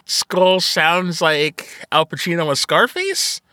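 A man co-hosting a podcast, chatting casually about a movie in an animated, profane way and laughing often. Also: a little high, slow, no room sound, clean studio sound. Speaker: podcast co-host. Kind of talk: casual movie review chat.

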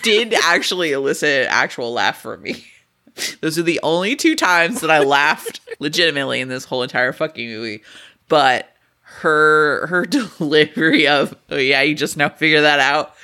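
A man co-hosts a casual movie podcast, wry and sweary, often breaking into laughter mid-sentence. His voice is slightly high and bright. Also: animated, normal speed. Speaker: podcast co-host. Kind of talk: casual movie review chat.

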